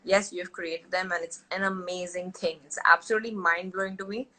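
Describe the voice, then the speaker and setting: A young adult woman chatting casually as an interview guest, telling animated stories and slipping into quoted voices. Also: lowish voice, a little fast, low-quality recording. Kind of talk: casual chat.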